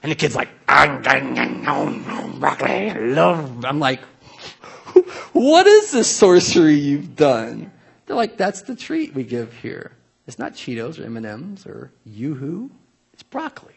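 A man's voice: a little high, slightly rough. A middle-aged man preaching a sermon in a casual, conversational way, acting out the voices of people he quotes. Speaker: pastor.

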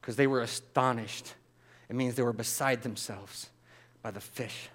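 A man preaching a sermon, animated, acting out the voices of the people in the story. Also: mid-range voice, unhurried. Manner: animated, acts out voices of biblical figures. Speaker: pastor.

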